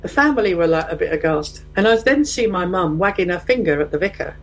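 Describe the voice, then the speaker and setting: A woman's voice: on the low side, fast, slight background noise, poor audio. A middle-aged woman chatting casually, telling a funny anecdote and acting out the people in it. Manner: animated storyteller who acts out quotes. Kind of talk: casual chat, storytelling.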